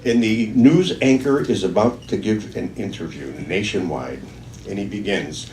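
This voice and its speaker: A man's voice: fairly low pitch, moderate pace, darkish tone, slight background noise. An older man in his seventies telling jokes and stories at an open-mic night, recorded from a distance in an echoey room. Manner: storytelling, jokey. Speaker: stand-up comedian.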